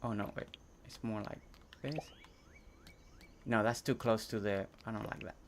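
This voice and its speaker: This young native Spanish speaker has a fairly low, fairly evenly intoned voice at normal speed, with a slight hiss or hum in the background. He's casually streaming a game, reading chat aloud and thinking out loud as he builds.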